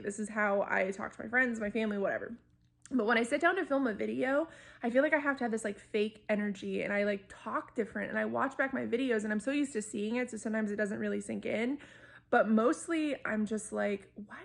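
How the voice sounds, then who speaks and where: A woman's voice: medium pitch, gravelly. A young woman chatting casually to her camera at home, talking animatedly with lots of fillers and bursts of laughter. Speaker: book vlogger. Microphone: camera mic.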